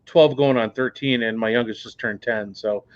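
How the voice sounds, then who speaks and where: An easygoing man hosting a casual talk show, chiming in and sharing his own side. His voice is mid-pitched. The recording is dull and lo-fi. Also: fairly even intonation, moderate pace. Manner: easygoing, backchannels often. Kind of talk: casual chat. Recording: dull lo-fi audio.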